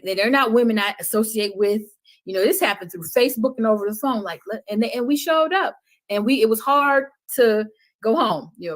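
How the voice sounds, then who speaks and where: Passionate middle-aged woman, preaching softly. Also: a little high. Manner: impassioned, preachy, drops to soft intensity. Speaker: podcast guest. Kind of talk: passionate conversational talk.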